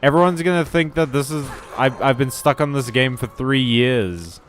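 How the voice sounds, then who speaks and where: A man's voice: medium pitch, moderate pace, soft background music. A man streaming a video game, chatting casually in a rambling, joking way with some swearing. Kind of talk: casual gaming stream chat.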